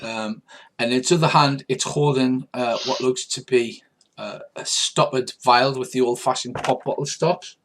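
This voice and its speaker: An older man narrating as game master, relaxed and halting with lots of fillers. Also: mid-range voice, a little hiss or hum.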